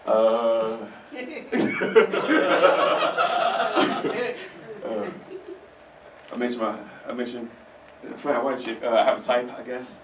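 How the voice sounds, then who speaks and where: A man's voice: mid-range voice, expressive, drawn-out words, pauses often, far from the mic, heavy background noise. A man doing a stand-up set at an open mic, talking conversationally to the crowd and laughing at his own jokes, recorded in a roomy small theater from afar. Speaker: stand-up comedian.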